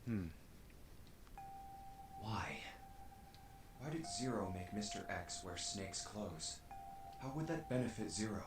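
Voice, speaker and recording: A puzzled young game hero who questions himself under his breath. His voice sits slightly low and sounds far off and roomy. Music plays behind him. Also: lively intonation, slow pace, long pauses. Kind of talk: video game voice acting.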